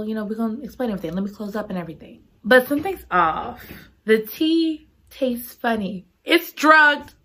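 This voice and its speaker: A woman with a bright, forceful voice tells a story to her viewers in loose, slangy talk. She builds drama as she goes and breaks out into loud exclamations of disbelief. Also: medium pitch. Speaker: book recap vlogger. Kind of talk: casual story recap.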